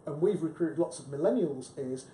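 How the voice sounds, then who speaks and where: Male panelist, chatty and emphatic, faint rumble behind. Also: expressive, fairly quick, warm tone. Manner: chatty, emphatic, frequent restarts. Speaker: book club panelist. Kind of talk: casual discussion. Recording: echoey room with faint rumble.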